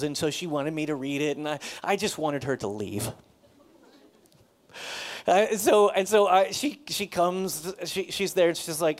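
Middle-aged male pastor, sermon delivery, fairly high pitch, chatty and self-deprecating. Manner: conversational, self-deprecating, laughs often. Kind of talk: sermon with a personal story.

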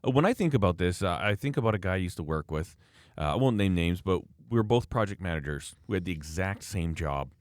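A man's voice: deep voice, expressive, quick pace, dry recording. A man hosting a casual podcast chat, telling work stories in a blunt, emphatic way. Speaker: podcast host, former project manager.

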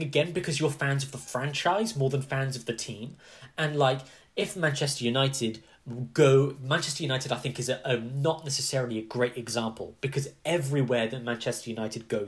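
A man in animated, casual podcast chat. His pitch sits in the middle range. He talks in long runs with lots of asides. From England. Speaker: podcast co-host.

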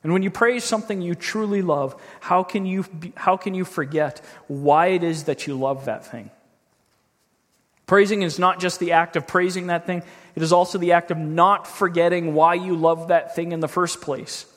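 A man's voice: sits high, fairly even intonation. Earnest male pastor in a reverberant hall. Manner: earnest, reflective, slows down when reading scripture. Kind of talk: sermon.

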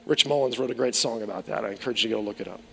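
A man's voice: lowish voice, racing, creaky, slight background noise. A man preaching a sermon as pastor, earnest, asking rhetorical questions and restarting his phrases. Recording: long hall reverb.

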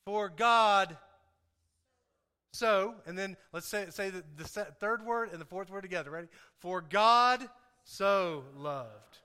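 Speaking at a normal speed with a clean tone that sits high, a man preaches in a loose, joking style. He's animated, says things more than once, and quizzes the congregation, with the reverberant hall audible in the recording.

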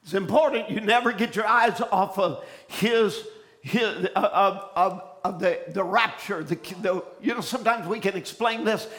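A man preaching a fiery sermon, shouting his points, calling out to the congregation and often repeating and restarting phrases. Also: high voice, normal speed. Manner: preaching with shouted exclamations and call-and-response.

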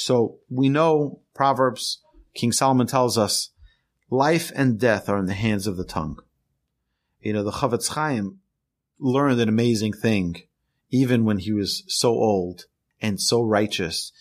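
Earnest rabbi giving a spoken lesson. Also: male voice, medium pitch. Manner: earnest, emphatic teaching with storytelling.

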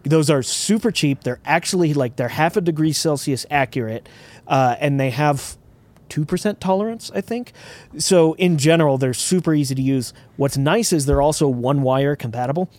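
Rambling man, slightly high voice. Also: normal speed, a little mellow. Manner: rambling, restarts often, thinks aloud about designs. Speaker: podcast host. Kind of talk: casual technical chat.

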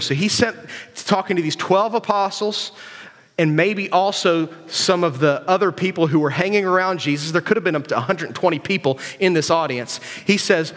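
A man with a high-pitched, fairly bright voice speaks at normal speed, giving young people a casual, conversational sermon full of repetition and rhetorical questions. The preacher is recorded with long hall reverb.

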